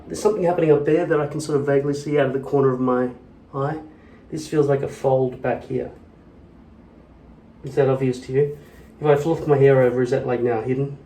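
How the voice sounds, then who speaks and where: A man's voice: mid-range voice, dark tone, slight background noise. A man vlogging in casual chat, rambling and swearing as he rants. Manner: rambling, profane and ranting. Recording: echoey room, mic at a distance.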